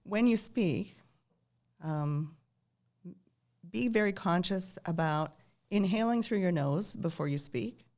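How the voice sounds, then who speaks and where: A woman's voice: fairly low pitch, animated, slow pace, pauses often, a little mellow. A woman giving casual advice on how to speak with credibility, explaining and affirming in an interview. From lived many years in Ontario. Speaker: guest expert on nonverbal communication.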